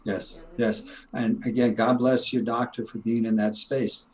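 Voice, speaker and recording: A man's voice: mid-range voice, little pitch movement, a little slow, low-quality recording. An older man, a retired chiropractor, talking in an emphatic, preachy way in a casual interview. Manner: emphatic, preachy, laughs at his own points.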